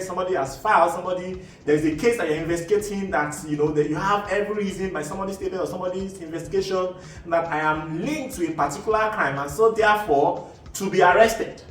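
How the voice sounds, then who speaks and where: A man's voice: sits high, a bit bright, a little hiss or hum. A man with a Nigerian accent, hosting and explaining in a casual, rambling monologue full of "you know" asides and restarts. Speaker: host. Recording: echoey room, mic at a distance, faint background ambience.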